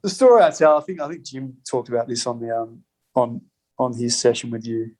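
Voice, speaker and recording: A man spins a long anecdote at an easy, rambling pace, peppering it with swearing and laughter. His voice sits at an ordinary middle pitch. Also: lively intonation, a little fast, darkish tone. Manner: rambling, heavy swearing, laughs between lines. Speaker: podcast guest, spirits company co-founder. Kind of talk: casual storytelling.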